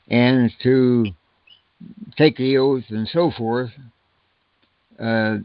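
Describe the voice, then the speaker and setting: An older man speaking haltingly on a group call, pausing and clearing his throat often. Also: mid-range voice, dry recording. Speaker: call participant. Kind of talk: casual discussion on a conference call. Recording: dull lo-fi call audio.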